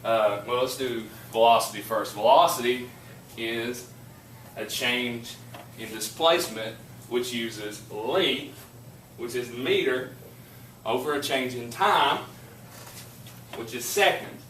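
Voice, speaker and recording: A man, teaching a class and telling a lively story, laughing as he goes. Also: mid-range voice, takes it slowly, long pauses. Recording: echoey classroom from far off, noisy.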